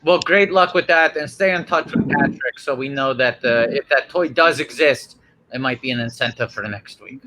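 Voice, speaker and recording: Bright-voiced joking co-host man. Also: medium pitch, moderate pace. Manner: playful, joking, directing others. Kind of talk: casual chat.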